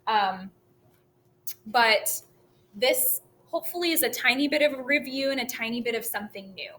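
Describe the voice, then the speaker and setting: A woman music teacher giving a virtual lesson to children, talking slowly and clearly and chanting rhythms for them to repeat. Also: fairly high pitch, a bit bright.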